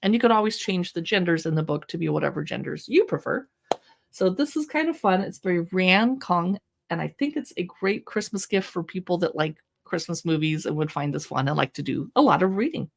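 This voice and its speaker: A woman's voice: lowish voice, fairly quick, creaky. A woman hosting a casual live shopping stream from home, chatting in an upbeat way about books and decor and reading short bits aloud. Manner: chatty, upbeat, reads short passages aloud with playful voices. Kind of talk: casual product showcase livestream. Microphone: own microphone close by.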